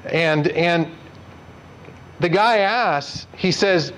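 High-voiced pastor preaching earnestly. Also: male voice, very slow, a bit bright, poor audio. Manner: earnest, direct questions to the congregation. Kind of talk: conversational sermon.

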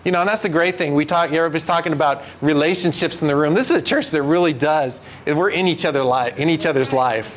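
High-voiced pastor preaching earnestly. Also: male voice, quick pace, few pauses, rough recording. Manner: earnest, direct questions to the congregation. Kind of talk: conversational sermon.

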